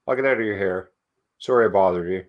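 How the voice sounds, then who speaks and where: A man's voice: low-pitched, quick pace, close to an everyday voice. A man reading the lines of an upset, apologetic young man talking to his father.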